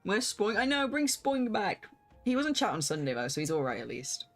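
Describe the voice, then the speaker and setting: A woman streaming a game live, excitable and gushing, laughing often. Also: medium pitch, brisk, faint music behind.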